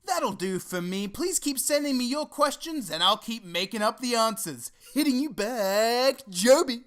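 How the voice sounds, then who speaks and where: A man's voice: very high voice, animated, unhurried, fairly bright tone, heavily acted. A man playing a fawning, creepy fake-news co-host in a comedy sketch, reading in a mock-newsreader way with menacing asides. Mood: mock-serious.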